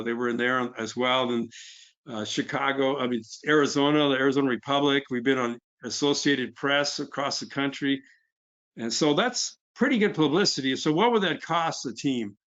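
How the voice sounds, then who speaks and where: A man's voice: medium pitch, fairly bright tone, muffled recording. A middle-aged man gives a casual presentation about his nonprofit, talking freely with fillers and restarts. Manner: conversational, fillers, quotes others. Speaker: nonprofit founder. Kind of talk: webinar presentation.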